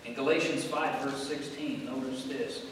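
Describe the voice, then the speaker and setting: A pastor preaching a sermon, speaking with bursts of forceful, emphatic repetition. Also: male voice, steady tone, normal speed. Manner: preaching with swelling emphatic outbursts. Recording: echoey hall, distant mic, faint rumble.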